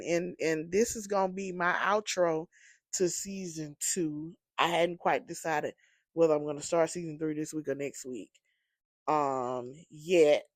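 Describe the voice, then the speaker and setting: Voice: medium pitch, no echo, clean studio sound. Sleepy podcast host rambling. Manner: rambling, conversational, many fillers. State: sleepy, yawning. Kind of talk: casual solo podcast monologue.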